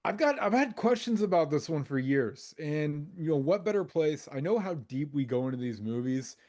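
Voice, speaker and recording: Man, a bit high-pitched, casual podcast co-host, meandering and enthusiastic, on a video call. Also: lively intonation, moderate pace, darkish tone. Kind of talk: casual chat among friends.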